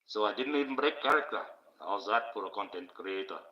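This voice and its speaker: A man preaches on a livestream in a put-on voice, declaiming every point. His tone is very bright and forceful. The sound is dull and lo-fi. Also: on the low side, lively intonation, a little fast. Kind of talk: preaching livestream monologue in character.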